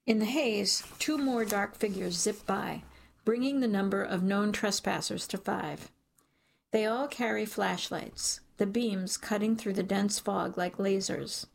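A woman reads a first-person story in a measured audiobook style. Her voice carries a gravelly fry and a husky, breathy texture. She sits at a middle pitch for a woman and keeps the telling steady. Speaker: audiobook narrator. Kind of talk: first-person scripted narration.

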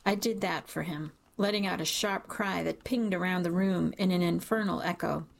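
A woman narrating a dark first-person audiobook in a measured, grave manner. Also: on the low side, steady tone, creaky.

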